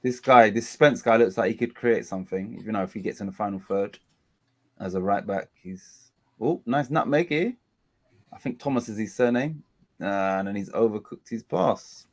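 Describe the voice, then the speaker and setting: A man, hosting a casual live watchalong of a football match. He complains about dull play and gets excited during attacks. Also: lowish voice, normal speed. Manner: chatty, groans at a dull game, excited bursts at attacks. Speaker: watchalong host.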